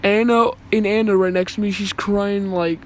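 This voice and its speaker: A man's voice: sits high, steady tone, moderate pace, slight background noise. A young man telling a casual story, rambling and swearing, with many restarts. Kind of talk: casual story time vlog.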